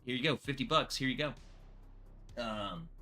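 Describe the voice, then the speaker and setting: A man hosting a casual bourbon livestream, excitable and rambling, thanking viewers by name. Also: medium pitch, moderate pace, faint music behind.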